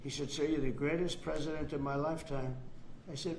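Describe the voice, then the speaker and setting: An older man with a somewhat high voice talks in rambling, boastful bursts, circling back to the same points. The room rings with a noticeable echo, and faint noise sits under the sound. This is an off-the-cuff press statement. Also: steady tone, a little fast. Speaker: president giving remarks.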